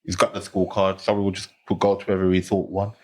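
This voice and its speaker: A retired boxer from Smethwick in England's Black Country chats as a guest on a casual podcast, speaking with the local accent. His low voice stays level and quick, and he often repeats phrases and says "you know."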